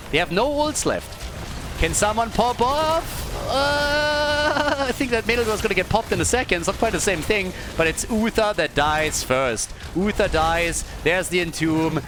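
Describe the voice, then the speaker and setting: A man calls a live online match in loose, casual commentary. His pitch climbs and dips with a lot of movement as he drifts into animated stories and swears without a second thought. A faint background noise sits under his voice. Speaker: esports caster.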